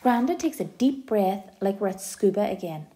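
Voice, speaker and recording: A woman narrating an audiobook in a gentle, expressive storytelling manner. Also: mid-range voice, normal speed.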